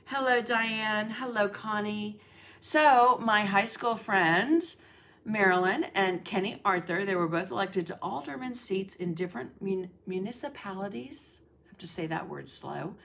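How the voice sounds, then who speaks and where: A woman's voice: medium pitch, creaky, a bit bright, slight background noise. A middle-aged woman hosting a casual art livestream, chatting and greeting viewers by name with lots of fillers. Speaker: livestream host, art instructor.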